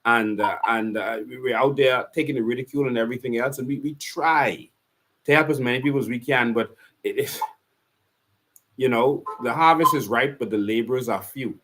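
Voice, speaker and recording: A man with a Bahamian accent hosting a live call-in talk show, speaking earnestly and repeating a phone number slowly. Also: mid-range voice, a bit bright.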